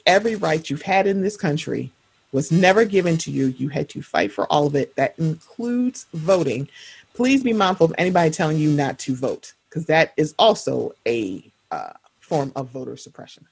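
A woman in her thirties hosts a casual podcast chat with a soft, breathy voice. She is lively and expressive, and her pitch shoots up whenever she acts out a quote. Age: 30s. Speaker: podcast host.

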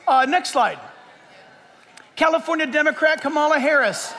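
A man's voice: extremely high pitch, animated, moderate pace, pushed and bright, some chatter behind. A man preaching a sermon from the pulpit, reading scripture aloud and adding emphatic asides. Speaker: pastor. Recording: echoey hall recording.

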